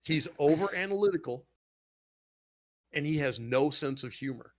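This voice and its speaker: A man hosting a casual podcast chat, animated and swearing freely as he argues his point. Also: a little high, moderate pace. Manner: animated, swearing, retells scenes with quoted voices. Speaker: podcast host.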